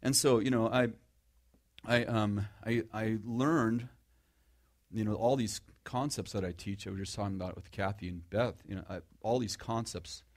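A man's voice: lowish voice, fairly even intonation, normal speed. A middle-aged man giving a conversational sermon to a live audience, joking about himself, restarting his sentences and asking the listeners questions. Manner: self-deprecating humor, frequent restarts, asks the audience questions. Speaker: preacher.

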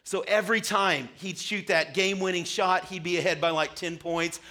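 A man's voice: high-pitched, moderate pace. A young man preaching a sermon to a church congregation, telling stories with animation. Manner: animated storytelling, acts out his childhood self. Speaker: pastor. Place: church sanctuary.

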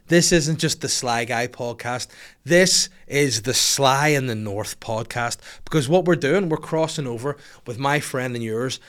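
Joking podcast host. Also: male voice, a little high, smooth. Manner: lively, joking, swearing freely. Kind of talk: casual chat.

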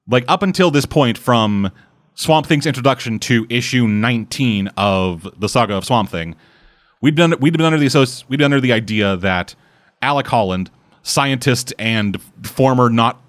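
A man's voice: medium pitch, dry recording. A man casually recapping a comic book storyline, swearing freely and slipping into character voices. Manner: profane, animated retelling with put-on character voices.

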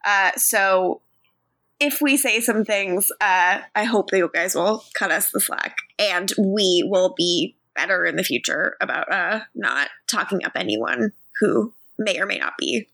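A woman's voice: medium pitch, gravelly, bright, forceful tone, dry recording. Chatty woman co-host, dry close sound, laughs a lot. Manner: chatty, laughs often, reads chat logs aloud. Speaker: podcast co-host. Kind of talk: casual podcast chat.

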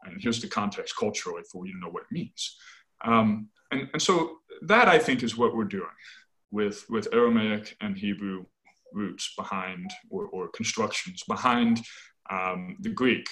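A man explaining as a scholarly guest in conversation, animated, often checking in with "right?" and correcting himself as he goes. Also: fairly low pitch, a little slow, low-quality recording. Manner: animated, tags points with "right?".

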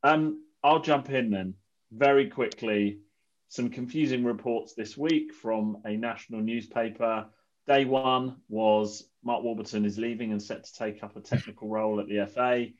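A man hosting a casual football podcast, upbeat and gently teasing his co-hosts. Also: mid-range voice, fairly even intonation, normal speed, muffled recording. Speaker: podcast host.

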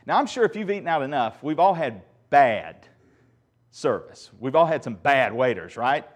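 A man's voice: medium pitch, animated, normal speed. A man presenting to a live audience in a conversational way before introducing a comedy skit. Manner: conversational, addresses the audience and sound desk. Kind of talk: live stage talk.

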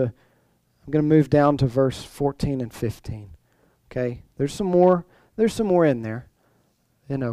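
A man's voice: fairly high pitch, warm tone, dry recording, rough recording. A male pastor preaching a sermon in a conversational way, full of restarts and rhetorical questions.

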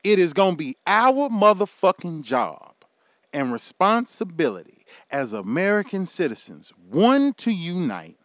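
A man's voice: high-pitched, very animated, unhurried, a bit bright, no echo, clean studio sound. A man in his thirties delivering a heated, profane, preachy rant straight to his audience. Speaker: vlogger.

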